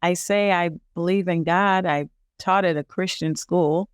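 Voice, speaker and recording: An older woman speaks as a podcast guest, telling her story earnestly with many ums and uhs. Her voice is smooth and resonant. The recording is dry and close. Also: fairly low pitch, steady tone, measured pace, no echo. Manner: earnest, many fillers, acts out her own past speech. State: tearful at times. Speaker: league founder and guest. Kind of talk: interview storytelling.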